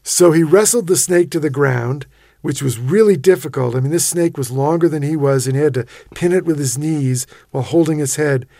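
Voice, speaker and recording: A man telling vivid stories as a guest in a radio interview, animated, with frequent restarts. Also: a little high, brisk, gravelly, no room sound, clean studio sound. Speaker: interview guest, expedition writer.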